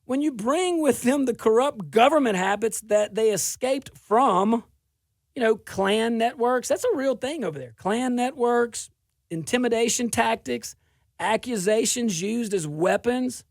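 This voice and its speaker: Gravelly sarcastic male talk host. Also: very high voice, unhurried, no room sound, studio quality. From South Louisiana. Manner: sarcastic, animated, laughing. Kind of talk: political commentary monologue.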